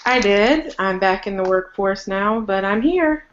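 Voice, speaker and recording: A woman's voice: mid-range voice, animated, measured pace, slight background noise. A woman guest author on an online chat show, speaking in a matter-of-fact way. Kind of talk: casual chat on a live web show. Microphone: video call. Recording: dull lo-fi web call audio.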